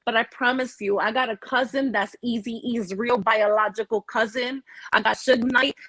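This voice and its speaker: A woman's voice: fairly high pitch, steady tone, normal speed, a bit bright, no room sound, rough recording. A Puerto Rican woman from the Bronx, talking brashly and swearing in a casual livestream chat. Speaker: livestream guest.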